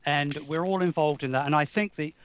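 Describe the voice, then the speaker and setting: A man speaking as a guest on a live online talk show, earnest and halting, often restarting his sentences. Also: on the high side, slight background noise. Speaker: guest researcher. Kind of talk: casual talk show chat.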